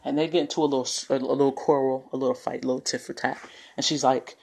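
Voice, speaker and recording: A man's voice: mid-range voice, flat delivery, fast talker, gravelly, darkish tone, breathy edge. A man casually retelling a film scene by scene, rambling off on tangents with lots of fillers. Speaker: online video host. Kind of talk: casual movie recap.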